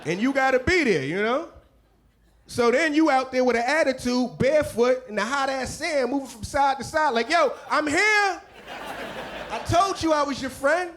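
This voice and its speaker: A man doing a stand-up comedy set, complaining in a weary, deadpan way. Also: very high voice, a little hiss or hum.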